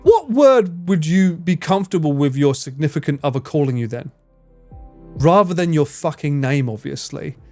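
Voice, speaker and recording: Animated, swearing English streamer. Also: male voice, on the high side, normal speed, soft background music. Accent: English, Essex. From England. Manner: swears a lot, laughs often, animated and teasing. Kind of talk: casual live-stream chat with viewers.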